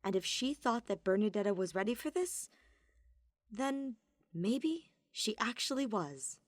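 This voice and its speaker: A woman reading a story aloud in expressive scripted narration. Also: a little high, measured pace, no echo, studio quality. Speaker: podfic reader.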